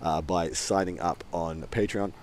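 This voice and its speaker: A man's voice: low voice, fairly even intonation, unhurried, a little mellow, a little hiss or hum. A young Australian man co-casting a live tabletop tournament, laid-back and jokey. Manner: laid-back banter with slang. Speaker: co-caster.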